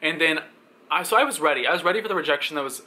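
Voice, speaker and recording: Young man, casual vlog storytelling, animated, bright tense tone, slightly high pitch. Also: rapid-fire. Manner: animated, acts out quoted voices. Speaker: vlogger.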